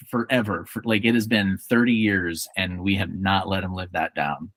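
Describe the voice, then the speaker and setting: A man in his forties chats as a podcast guest. His voice sits a little low, and he tells stories in a playful, animated way. The recording is dry and close. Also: brisk, few pauses, no echo. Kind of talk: casual chat.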